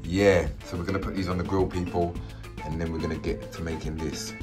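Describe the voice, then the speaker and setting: A man chatting casually to his viewers while cooking, slangy and laid-back with excitable bursts. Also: deep voice, fairly quick, loud music behind the voice. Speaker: cooking vlogger. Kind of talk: casual cooking vlog chat.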